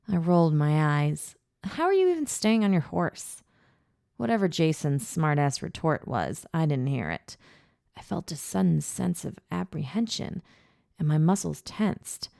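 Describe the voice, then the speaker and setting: A woman reading first-person audiobook narration in a measured, low-key way. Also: creaky, dark tone, no room sound, studio quality.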